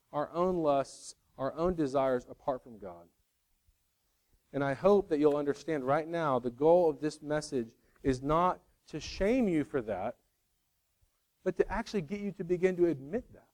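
A man preaching a sermon in an earnest way, moving between raised, emphatic lines and hushed, quiet ones. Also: fairly high pitch. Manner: earnest, swings from loud to hushed. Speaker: pastor.

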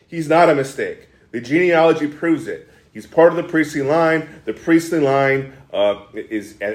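A man preaching an expository sermon as pastor, animated, often restarting sentences and acting out quoted lines. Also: a little high. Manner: animated, acts out quoted speech with frequent restarts. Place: church sanctuary. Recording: echoey church room.

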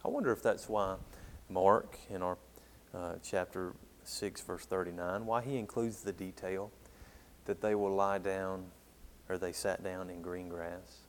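A man preaching a sermon and reading scripture aloud, growing loud on key words and falling quiet at the ends of phrases, with questions to the congregation. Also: sits low, steady tone, measured pace, slight background noise. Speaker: pastor.

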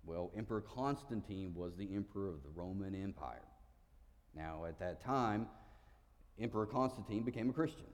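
Male preacher, sermon, emphatic teaching, low-pitched, echoing church hall. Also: normal speed. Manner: animated teaching with emphatic stresses and asides.

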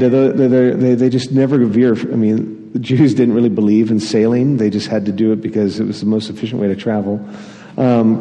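Male preacher, warm mellow voice, self-deprecating storyteller, hall reverb. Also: mid-range voice. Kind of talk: sermon.

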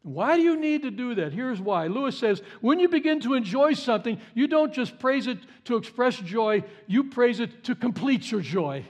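High-voiced preaching man. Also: lively intonation, normal speed, few pauses. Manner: conversational, repeats key phrases for emphasis; swings between loud emphatic bursts and soft low asides. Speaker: pastor. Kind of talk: sermon.

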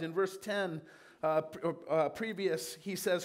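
A man's voice: sits high, steady tone, takes it slowly. A man preaching a sermon in a conversational way, with frequent fillers and restarts.

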